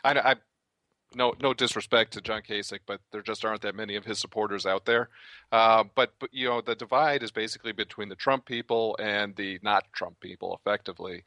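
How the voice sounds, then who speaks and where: Bright-toned male radio guest. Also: on the low side, no room sound. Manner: thinking aloud, with frequent restarts. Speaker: guest political commentator. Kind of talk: radio interview answer.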